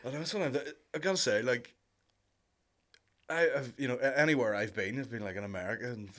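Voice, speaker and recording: A man's voice: mid-range voice, brisk, a bit bright. A man from Northern Ireland with a Northern Irish accent, a comedian guest telling anecdotes in casual chat, swearing often.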